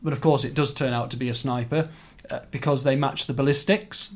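A man's voice: mid-range voice, fairly even intonation, brisk. A man hosting a casual podcast about crime novels, leading the talk and asking his co-hosts questions. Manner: leads the talk, asks questions. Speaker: podcast host. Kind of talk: casual book discussion.

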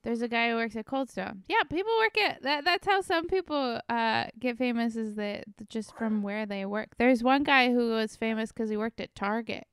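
Female podcast host, slightly high, very clear, dry sound, wry teasing. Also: normal speed, hardly any pauses, fairly bright tone, dry recording. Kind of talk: casual chat.

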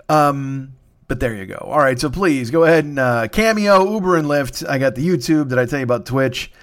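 A man's voice: mid-range voice, fast. A man hosting a solo comedy podcast, tired and sniffly, rambling and swearing with self-mocking humor.

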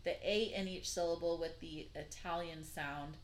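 A woman's voice: low-pitched, steady tone, normal speed. A woman co-hosting a casual podcast, reading odd laws aloud and chatting about them with laughing asides. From Nevada. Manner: reads quotes then riffs with laughing asides. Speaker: podcast co-host.

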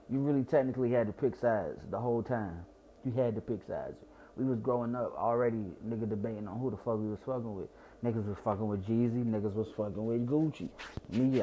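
A young man from Georgia talks in a loose, rambling Southern drawl, repeating and stumbling over his words, a little tipsy from wine. His voice sits on the low side with a mellow, darkish tone. A faint hum of room noise sits behind him. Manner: rambling, repeats himself, stutters. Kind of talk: casual profane monologue.

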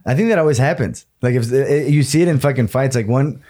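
Dude on a fight podcast, warm mellow voice, cussing a lot, words thrown in. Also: male voice, medium pitch, fast talker. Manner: swears a lot, drops into Spanish words. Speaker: podcast co-host. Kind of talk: casual chat about fights.

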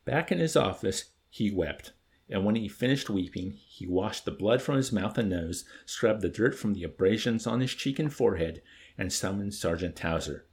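A man reading a novel aloud as narrator with expressive, dry storytelling. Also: fairly low pitch, moderate pace. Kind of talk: audiobook reading.

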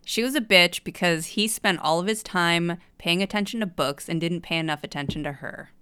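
A woman's voice: on the low side, normal speed, pushed and bright, clean tone, no room sound. A woman co-hosting a podcast, steering the conversation in a wry, casual way. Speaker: podcast co-host. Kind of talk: casual chat.

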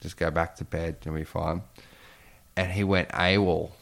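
A man telling rowdy stories in a casual chat, swearing often and getting animated. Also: sits low, a little slow, vocal fry.

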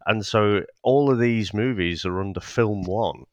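A man's voice: fairly low pitch, a little slow, no echo, muffled recording. Male podcast co-host, easygoing, swears, close dry mic. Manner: laid-back, sweary, chuckling. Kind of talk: casual film review chat.

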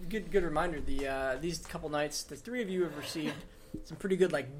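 A man's voice: a little high, a little fast. A man narrating and explaining rules as dungeon master of a tabletop game, in a loose, chuckling way.

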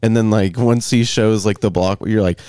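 A young man co-hosts a podcast, relaxed and storytelling. His voice is mellow and warm, recorded close and dry. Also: on the low side, moderate pace, clear, resonant tone, no echo. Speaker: podcast co-host. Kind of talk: casual chat.

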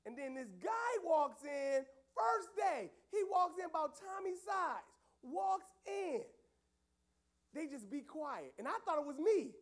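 A youth pastor telling a story to young people in a lively, casual way, with loud outbursts. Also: male voice, extremely high pitch, slow.

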